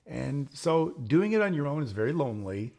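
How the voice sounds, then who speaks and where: A man with a gravelly voice at an ordinary pitch, talking casually as a program host. He tells stories and acts out the lines of the people in them. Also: very animated, moderate pace, darkish tone. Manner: storytelling, acts out quoted exchanges. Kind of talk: casual conversational chat.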